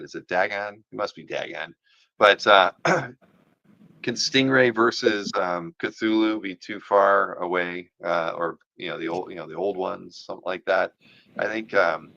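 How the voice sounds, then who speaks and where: A man's voice: deep voice, creaky, sharp tone, lo-fi sound. A man hosting a casual chat about comic art, rambling with many fillers and restarts, and losing his voice. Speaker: podcast host.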